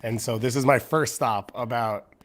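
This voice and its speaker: A man's voice: medium pitch, fairly even intonation, moderate pace. A young man hosts a loose live-streamed chat. He rambles from one thing to the next and pokes fun at himself as he goes. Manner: rambling, self-mocking. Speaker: podcast host.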